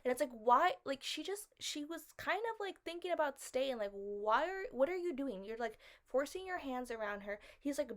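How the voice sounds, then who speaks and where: A woman's voice: sits high, expressive, moderate pace, hardly any pauses, fairly bright tone. A woman giving a casual, rambling film review, filling almost every phrase with "like" and asking questions about the plot. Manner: rambling, fills with "like" constantly; puzzled, questioning.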